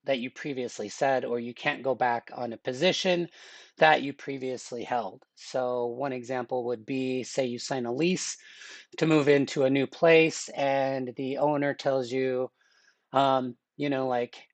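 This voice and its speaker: A man teaching a live online exam-prep lesson in a relaxed, chatty way, with filler words and joking asides. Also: mid-range voice, unhurried, dry recording. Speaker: webinar instructor.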